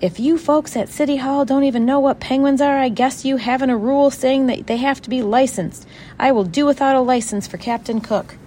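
A woman voicing an exasperated man in a storybook, insistent and prone to shouting. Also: medium pitch, sing-song, normal speed, hardly any pauses, slight background noise, voice pushed up. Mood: outraged. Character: exasperated middle-aged man, penguin owner.

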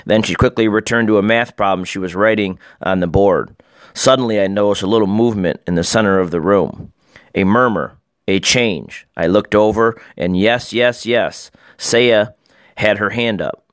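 A man giving expressive first-person storybook narration as an audiobook narrator. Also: lowish voice, moderate pace, no room sound, clean studio sound.

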